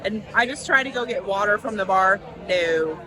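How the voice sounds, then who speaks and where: A woman vlogging on a cruise ship, chatting excitedly about her day. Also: medium pitch, moderate pace, poor audio. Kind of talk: casual vlog chat. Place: busy cruise ship lounge. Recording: crowd noise. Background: crowd chatter.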